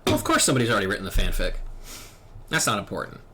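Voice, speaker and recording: A man's voice: fairly low pitch, wildly swooping pitch, racing, noisy background. A man streaming himself reading a game aloud, joking and self-deprecating between lines.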